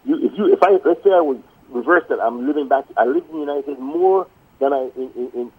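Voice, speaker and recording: Husky man on a phone line. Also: a little high, big pitch swings. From Belize. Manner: quick, eager to interject. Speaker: guest by phone. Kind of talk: casual radio chat.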